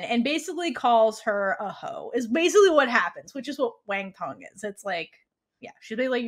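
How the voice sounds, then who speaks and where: A woman co-hosting a casual recap podcast, animated and acting out characters' lines with frequent laughter. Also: a little high, fairly quick. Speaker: podcast co-host.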